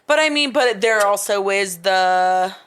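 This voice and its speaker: A woman's voice: mid-range voice, animated, measured pace, a bit bright, smooth. A woman in her thirties talking casually as a podcast guest, hesitant and searching for words with many restarts. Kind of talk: casual recovery-group conversation.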